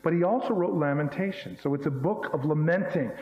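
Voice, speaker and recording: A man's voice: fairly high pitch, a little fast, slight background noise. A man preaching a sermon in an emphatic, folksy way, full of rhetorical questions. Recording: echoey hall, dull lo-fi sound.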